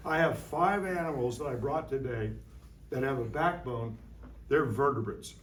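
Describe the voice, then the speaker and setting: A man teaching a lively science lesson to young children in a classroom, playful and full of call-and-response. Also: on the high side, moderate pace. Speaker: science educator visiting a class. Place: school classroom. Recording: roomy room from a distant mic.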